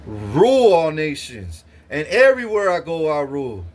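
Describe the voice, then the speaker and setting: A man's voice: a little high, big pitch swings, moderate pace. A man ranting to camera, threatening and boasting in a profane, swaggering way, often stuttering on restarts. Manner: repeats himself with stuttered restarts. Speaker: vlogger. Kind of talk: angry boastful rant to camera.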